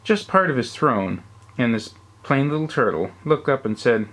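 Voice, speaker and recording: A man, a father, reading a rhyming storybook aloud at bedtime with an expressive, rhythmic delivery. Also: mid-range voice, moderate pace.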